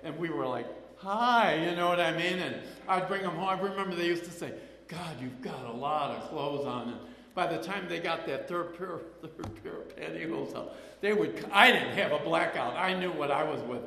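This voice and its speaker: This older man's voice is fairly high, brisk, gravelly, pushed and bright. Speaking at a recovery meeting, he rambles chattily through his own story with frequent laughs and repeated phrases, recorded in a reverberant, echoey hall.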